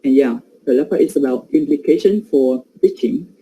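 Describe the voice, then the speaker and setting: A man's voice: mid-range voice, moderate pace, dark tone, slight background noise, poor audio. A man giving an academic presentation on pronunciation, hesitant and full of fillers.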